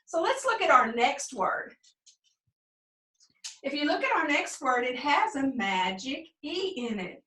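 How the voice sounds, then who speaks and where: A woman teaching first grade phonics, prompting young pupils and slowly sounding out words in a sing-song way. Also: high-pitched, very animated, pushed and bright. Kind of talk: remote phonics lesson for young children. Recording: echoey room, mic at a distance.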